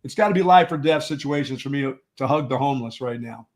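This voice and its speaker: A man's voice: mid-range voice, quick pace. A man co-hosting a sports radio show, telling rambling stories in casual banter and often restarting his words.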